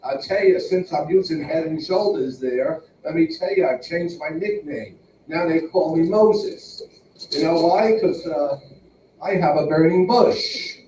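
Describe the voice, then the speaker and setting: A man's voice: a little high, a little slow, mellow, reverberant, distant mic, a little hiss or hum, rough recording. Man hosting an open mic. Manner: punchy, repeats "let me tell you". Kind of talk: stand-up emcee banter. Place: small comedy venue.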